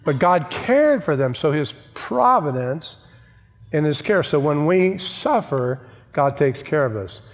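A man's voice: fairly high pitch, lively intonation, a little slow. A male pastor preaching a sermon, emphatic, repeating key phrases and asking the congregation for an amen. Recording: long church reverb.

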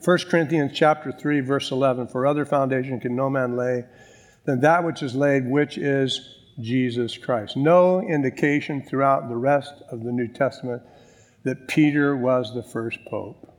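A man preaching a sermon as pastor, emphatic, with slow, drawn-out stresses on key words. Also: mid-range voice, big-room sound.

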